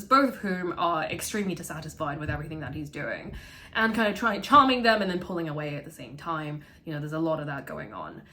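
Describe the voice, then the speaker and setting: A woman talking through a film in a casual, animated way, swearing freely and laughing as she goes. Her voice sits fairly low but sounds bright and forceful. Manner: animated, profane, laughs often. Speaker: vlogger reviewing a film.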